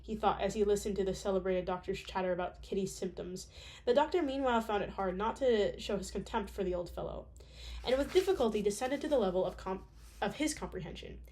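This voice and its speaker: Woman reading aloud, casual, slightly sick, joking asides, mid pitch. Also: fast talker, darkish tone. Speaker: audiobook reader.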